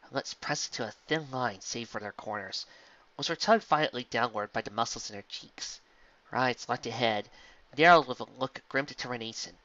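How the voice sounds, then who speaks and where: A man narrating fan fiction in a steady, earnest storybook reading. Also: medium pitch, brisk, lo-fi sound.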